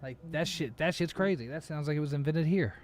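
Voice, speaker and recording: A man's voice: a little high, fairly quick. A man hosting a casual podcast chat, laid-back, with lots of fillers and swearing. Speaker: podcast host.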